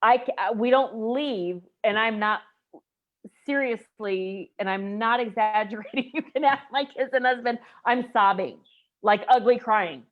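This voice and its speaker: Woman in her forties, lively storytelling, fairly high voice, dull lo-fi video call sound. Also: measured pace. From United States. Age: 40s. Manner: animated storytelling, emotional and laughing. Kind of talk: casual group chat.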